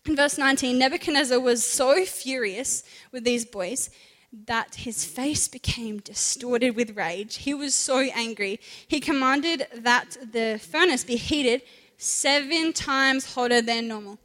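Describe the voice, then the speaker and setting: A young woman giving a chatty, animated youth talk on scripture, acting out little voices as she goes. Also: sits high, measured pace. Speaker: youth speaker. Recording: echoey hall.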